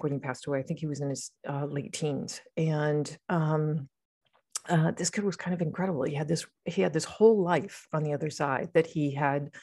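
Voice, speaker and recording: A woman with a notably low voice talks in a loose, casual podcast ramble. She is middle-aged, and her speech is full of fillers and restarts as she chats with a co-host. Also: warm tone. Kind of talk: casual chat.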